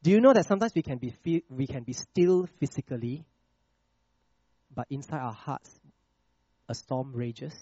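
A man preaching a sermon with a personal testimony, checking in with the congregation with "all right?" and "okay?" and dropping to a hush on scripture lines. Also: medium pitch, no room sound, lo-fi sound. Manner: slows and drops to a hush on scripture phrases.

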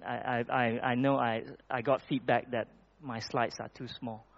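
A man's voice: mid-range voice, level tone, gravelly. Man preaching a sermon on a dull recording. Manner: conversational, with halting restarts. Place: church hall with projected slides.

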